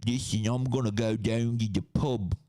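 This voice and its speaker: Man doing a British pub bloke, high and mocking, slangy, chummy, podcast parody. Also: steady tone, moderate pace, mellow, natural voice. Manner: exaggerated mocking caricature.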